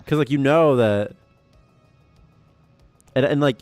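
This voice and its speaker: A man in his late twenties, a game programmer chatting casually on a development stream and telling stories in a profane, animated way. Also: medium pitch, slow, dry recording, soft background music. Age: 20s. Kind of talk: casual dev stream chat.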